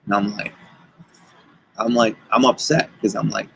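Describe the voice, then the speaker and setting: A man with a gravelly, fairly low voice tells a story as a podcast guest. He slips into the voices of the people he quotes. The chat is loose and casual. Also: measured pace, background noise. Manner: animated, acts out quoted dialogue. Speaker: guest wrestler.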